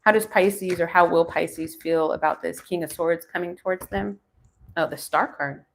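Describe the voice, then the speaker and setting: A woman in her forties gives a live tarot reading, turning cards and talking to viewers while she muses aloud between pulls. Her voice is fairly low and creaky, with a steady tone and a normal pace.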